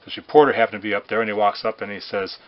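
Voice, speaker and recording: A man telling jokes in a rambling way, with restarts and hesitant pauses. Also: on the low side, level tone. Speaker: joke teller. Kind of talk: amateur joke telling. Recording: dull lo-fi recording.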